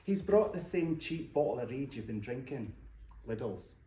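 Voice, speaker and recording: A Scottish man giving a live poetry reading, with an animated, dramatic delivery. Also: medium pitch, unhurried, slight background noise. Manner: animated, dramatic delivery with big swings in loudness. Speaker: poet reading his work. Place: library event room. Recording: roomy hall sound from a distant mic, faint ambience.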